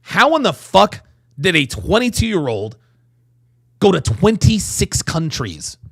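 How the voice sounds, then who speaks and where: Animated gravelly-voiced man ranting. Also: sits high, takes it slowly. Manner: animated, profane, repeats phrases, drags out words for emphasis. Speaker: host reacting to a video clip. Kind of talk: livestream commentary.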